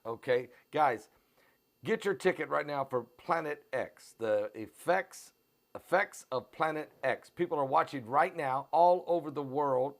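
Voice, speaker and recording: A man with an American Midwestern accent hosting a live stream, pushing tickets in a repetitive, urgent pitch full of fillers. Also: unhurried. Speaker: host of a prophecy channel. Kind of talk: live-stream promotion and commentary. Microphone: on camera.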